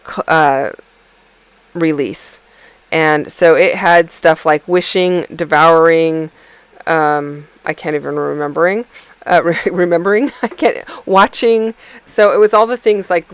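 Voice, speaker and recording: A woman's voice: low-pitched, clear, resonant tone, dry recording. A woman casually narrating her scrapbooking process in a chatty, rambling way, with lots of ums and self-corrections. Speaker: scrapbooking video creator.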